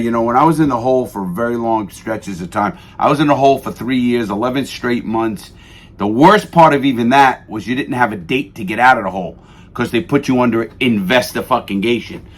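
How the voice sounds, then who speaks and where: A middle-aged man telling prison stories on a radio show, profane and animated, cursing freely. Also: mid-range voice. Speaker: guest. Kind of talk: radio interview storytelling.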